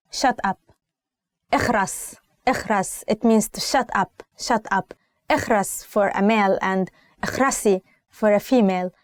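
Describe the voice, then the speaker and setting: Young egyptian woman, chatty teacher, laughs a lot, quick talker. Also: mid-range voice, a little mellow, no echo, studio quality. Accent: Egyptian Arabic. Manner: chatty, laughs often, repeats phrases slowly. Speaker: Arabic teacher. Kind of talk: casual language lesson.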